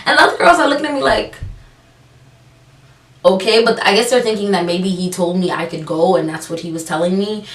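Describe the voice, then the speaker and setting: A young woman telling a personal story on her vlog, sarcastic and animated, acting out the people she quotes. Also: mid-range voice, fairly quick. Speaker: vlogger. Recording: roomy, from a distance.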